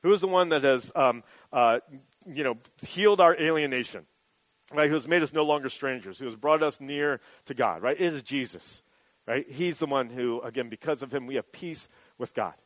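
A pastor giving a sermon in a relaxed, conversational style, often tagging his points with a quick "right?" His voice sits in a middle pitch for a man. The recording is close and dry, with little room sound. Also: no room sound, rough recording.

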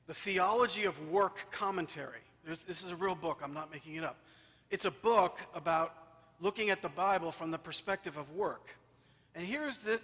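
A man's voice: sits high, sharp tone, breathy edge. A man, a priest, preaching a sermon in a church. He is emphatic and repeats phrases for rhythm. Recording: long church reverb.

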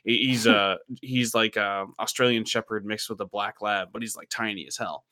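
Bright, dry-voiced man telling stories. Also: lowish voice, fairly even intonation, normal speed, dry recording. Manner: candid, profane, rambling storytelling. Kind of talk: casual chat.

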